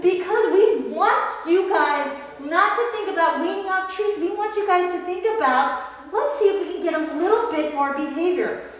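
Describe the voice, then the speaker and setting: A woman's voice: very high-pitched, lively intonation, normal speed. A woman dog trainer giving an upbeat training lesson and praising a puppy as she explains. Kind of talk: instructional dog training demo. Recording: echoey hall with faint noise.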